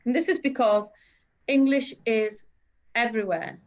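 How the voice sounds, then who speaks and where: A woman's voice: fairly high pitch, normal speed, muffled recording. A woman teaching an online English class, explaining at length with many fillers over a video call.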